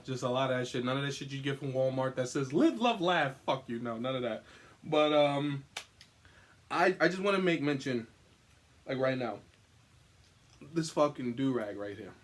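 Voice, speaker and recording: A young man hosting his own podcast from a room at home, talking in a profane, animated and rambling way. He is still recovering from an illness and sometimes breaks into singing. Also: medium pitch. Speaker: podcast host. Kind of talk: casual solo podcast monologue.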